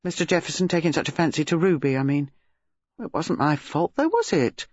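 A flustered, self-pitying young woman pleads her case in a plaintive voice that keeps rising in pitch, as a woman reader puts her on. The voice has a husky edge, and the audio is dry and slightly lo-fi. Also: sing-song, brisk, a little mellow, no room sound, full character voice.

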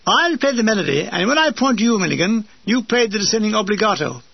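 Man putting on a pompous army major, fussy, hearty, raised voice, husky. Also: sits high, animated, fast, full character voice. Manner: pompous, hearty officer's bluster. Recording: dull lo-fi dry recording.

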